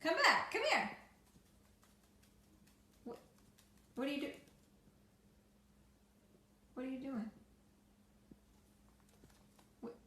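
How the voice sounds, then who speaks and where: A woman plays with her pet parrot and asks it teasing questions. Her voice sits slightly high and she speaks slowly. The room rings with echo and background noise comes through clearly. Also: big pitch swings, pushed and bright. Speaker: pet owner. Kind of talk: playful talk to a pet parrot.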